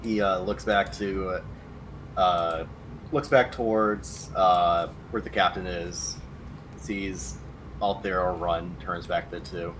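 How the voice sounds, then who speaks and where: A man playing a tabletop game, speaking quietly and haltingly with pauses. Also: low voice, fairly even intonation, a little hiss or hum, low-quality recording. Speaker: tabletop player.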